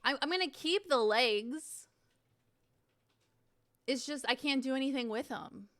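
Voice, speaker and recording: A woman's voice: high-pitched, expressive, unhurried, fairly bright tone, no room sound. A young woman streamer in casual chat, reading viewer messages aloud and reacting in a chatty, giggly way.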